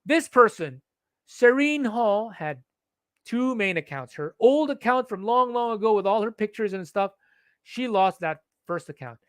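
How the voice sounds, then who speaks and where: A man's voice: sits high, lively intonation, measured pace, a bit bright, smooth, dry recording, clean studio sound. A man giving an emphatic first-person account to his followers, repeating and restarting words as he asks and answers his own questions. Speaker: social media commentator.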